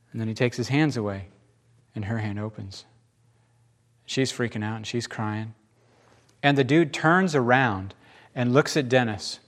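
With a mid-range voice, this man preaches as a pastor. His storytelling is lively, he mimics the people he quotes, and he adds casual asides along the way.

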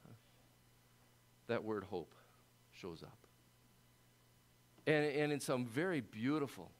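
A middle-aged man preaching a sermon in a conversational, animated way with frequent restarts. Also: mid-range voice, smooth. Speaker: pastor.

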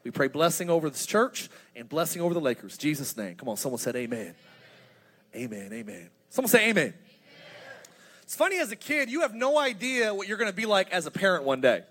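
A man in his thirties preaching a sermon as pastor, energetic and humorous, building to emphatic points. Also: sits high, fairly quick, breathy edge. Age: 30s.

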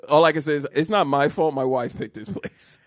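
This man's voice is a little high and moves at normal speed. As a podcast co-host in comedic storytelling chat, he relates a funny personal story, often laughing and starting sentences over.

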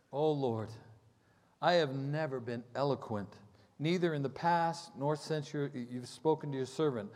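A man preaching a sermon as a pastor, telling the story with lively acted-out voices and checking in with the congregation. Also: fairly high pitch. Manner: animated storytelling, acts out quoted voices, checks in with "okay?". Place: church sanctuary. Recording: long hall reverb.

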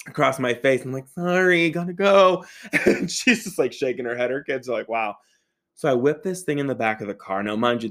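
Speaking at a medium pitch, a Pittsburgh-area man recounts a comic episode from his own life. He's lively and foul-mouthed, laughs frequently, and imitates the people in the story.

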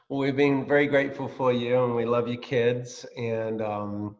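A man's voice: medium pitch, level tone. Friendly man hosting a video call. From Australia. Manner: friendly, halting with fillers. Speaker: pastor hosting an interview series. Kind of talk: casual video-call interview. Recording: slightly dull lo-fi audio.

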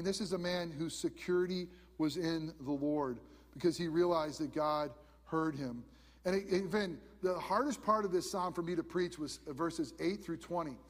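High-voiced preaching man, hall reverb. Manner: emphatic preaching, swinging from loud to soft, with repeated restarts. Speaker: pastor. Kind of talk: sermon.

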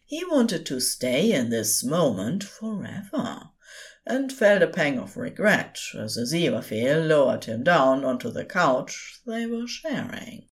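Woman, podfic reader, low voice, slow pace, very expressive narration. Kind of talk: unhurried audiobook narration.

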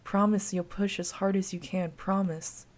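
A woman voicing the gentle ghost of a young girl, speaking softly and calmly to reassure. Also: mid-range voice, moderate pace, lightly acted. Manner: soft, calm, reassuring.

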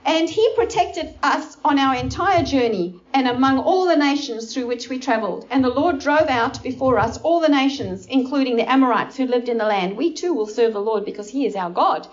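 A woman teaching the Bible informally to a small group indoors, animated and acting out the characters. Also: sits high, moderate pace, few pauses, highs cut off. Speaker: preacher.

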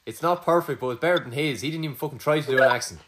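A man's voice: a little high, very fast, a bit bright, slight background noise. A young Irish man running a casual quiz between friends, teasing and swearing freely. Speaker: quizmaster. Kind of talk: casual chat.

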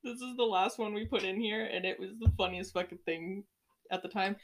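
A woman's voice: medium pitch, fairly even intonation, fairly quick. A young woman co-hosting a podcast, laid-back and swearing casually in chat. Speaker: podcast co-host.

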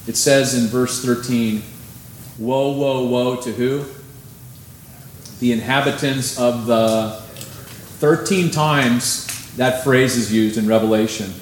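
A man's voice: mid-range voice, takes it slowly, pauses often, slight background noise. Casual preaching man in an echoey church. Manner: conversational, animated preaching with sudden emphasis. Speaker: pastor. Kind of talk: sermon. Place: church sanctuary. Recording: echoey room, faint ambience.

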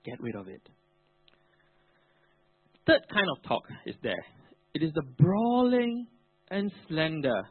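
A man's voice: on the high side, wildly swooping pitch, slow, long pauses, husky, no echo. A male pastor preaching a sermon, emphatic with colloquial asides. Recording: narrow phone-like, dry.

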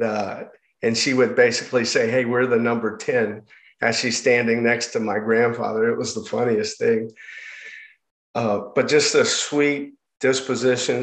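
Man telling his life story, halting. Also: medium pitch. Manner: halting, with many restarts and fillers. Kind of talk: personal testimony. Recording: roomy echo.

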